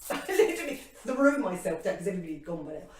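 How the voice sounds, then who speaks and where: A woman co-hosting a casual spiritual chat show, telling a personal travel story with lively acted-out reactions and laughter. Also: lowish voice, fast. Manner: animated, acts out her own past reactions with laughter. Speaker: co-host. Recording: echoey room, distant mic.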